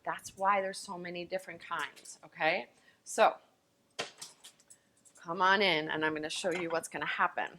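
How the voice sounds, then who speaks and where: A woman's voice: lowish voice, fairly even intonation, moderate pace, pauses often, bright, forceful tone, slight background noise. A woman chef teaching a cooking lesson in a kitchen, chatty and enthusiastic, talking straight to the viewers.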